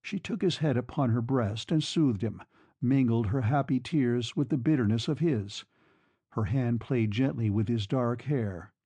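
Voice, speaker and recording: A man narrating a classic novel in a steady, measured reading. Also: mid-range voice, slightly rough, dry recording. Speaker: audiobook narrator. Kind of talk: scripted narration.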